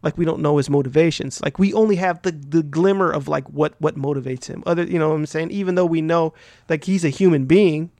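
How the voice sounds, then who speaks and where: A man's voice: fairly high pitch, fairly quick, darkish tone, no room sound. A man hosting a podcast, casually recapping a film plot in a rambling, profane way, full of fillers and "right?" tags. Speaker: podcast host.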